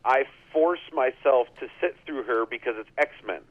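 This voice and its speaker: Blunt man on a tinny phone line. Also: medium pitch. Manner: blunt, opinionated, halting restarts. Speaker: podcast co-host. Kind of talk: casual chat.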